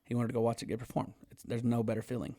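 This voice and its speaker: Animated, cussing Texan storyteller man. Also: mid-range voice, racing. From Texas. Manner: animated, swears freely, acts out quoted dialogue. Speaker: songwriter guest. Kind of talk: casual podcast storytelling.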